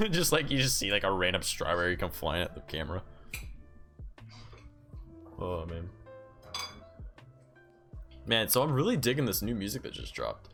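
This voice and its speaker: A man's voice: fairly low pitch, big pitch swings, unhurried, pauses often, over music. A man streaming live, chatting casually and sarcastically, rambling and swearing freely. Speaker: livestreamer.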